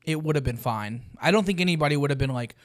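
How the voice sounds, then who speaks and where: A man's voice: fairly high pitch, fast, dry recording, clean studio sound. A man co-hosting a film podcast, talking casually and animatedly, often acting out quotes. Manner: animated, jumps into quoted voices. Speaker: podcast co-host. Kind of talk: casual chat.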